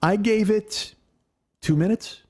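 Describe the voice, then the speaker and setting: A man's voice: sits high, takes it slowly, breathy edge. Middle-aged man telling a heated story. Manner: animated, profane, acts out quotes. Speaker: comedian podcast host. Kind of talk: casual storytelling.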